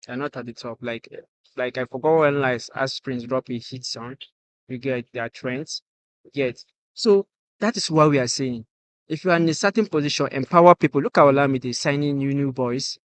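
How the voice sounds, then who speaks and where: A man's voice: medium pitch, moderate pace, dry recording. A Nigerian man talking as the guest musician on a casual podcast, earnest and saying "you get" again and again.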